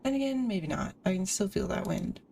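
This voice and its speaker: A woman's voice: mid-range voice, expressive, a little fast, gravelly, warm tone, recorded from a distance, a little hiss or hum. A woman streamer reading a visual novel aloud, with casual asides between the narration.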